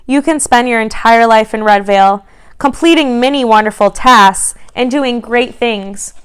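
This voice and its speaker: A woman voicing a gentle, kindly old king. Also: a little high, a little slow, clean tone. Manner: soft, gentle and reassuring.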